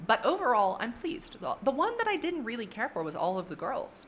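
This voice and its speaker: Excitable woman, lively swinging pitch. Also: brisk, slight background noise. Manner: gushing, excitable, swears casually. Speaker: music reaction YouTuber. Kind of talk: casual reaction commentary.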